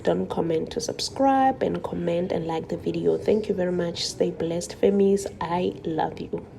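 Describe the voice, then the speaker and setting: A young woman with a South African accent talks her way through a casual home cooking vlog. Her voice is mellow and warm rather than bright, with a faint hiss of noise underneath. She is chatty and playful, drifting into rambling asides to the viewer. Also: fairly low pitch, measured pace, vocal fry. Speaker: cooking channel host.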